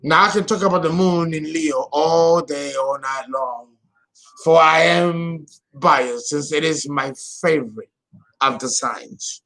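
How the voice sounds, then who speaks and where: Theatrical high-voiced man talking astrology. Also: slow pace, pushed and bright. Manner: theatrical, exclamatory, laughs at himself. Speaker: astrology channel host. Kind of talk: casual solo astrology talk.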